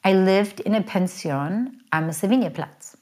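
A middle-aged woman telling her life story as an interview guest, chatty and quick, with lots of "like" fillers. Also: mid-range voice, expressive, mellow. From United States. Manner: chatty, fast, full of "like" fillers. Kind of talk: candid personal storytelling.

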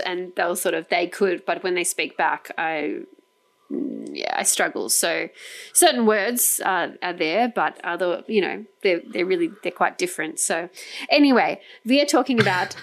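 A woman's voice: on the low side, very animated, normal speed. A woman hosting a travel podcast, chatting casually, laughing often and restarting her sentences. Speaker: podcast host. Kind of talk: casual chat.

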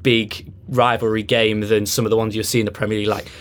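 A man's voice: lowish voice, little pitch movement, quick pace. A man on a football panel in a studio, laid-back and self-mocking, often hedging what he says. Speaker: pundit guest. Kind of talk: casual football chat.

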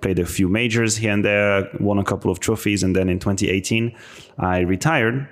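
A man's voice: lowish voice, moderate pace. A man in his thirties, a podcast guest talking casually and joking about his gaming past. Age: 30s. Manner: relaxed, joking, speaks in short restarting phrases. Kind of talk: casual interview chat.

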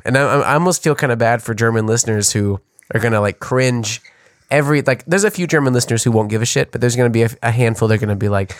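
A man's voice: mid-range voice, no room sound. Easygoing male co-host, mid-range voice, rambling comic delivery, dry close mic. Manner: quick, joking, rambling. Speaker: podcast co-host. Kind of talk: casual chat.

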